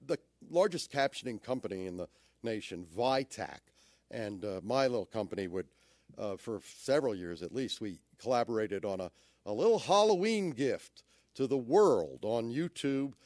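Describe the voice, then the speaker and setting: A man's voice: mid-range voice, animated, moderate pace, darkish tone, no echo, clean studio sound. A man giving a talk on audio description who playfully demonstrates inflection with theatrical shifts in emphasis. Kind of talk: lecture with spoken demonstrations.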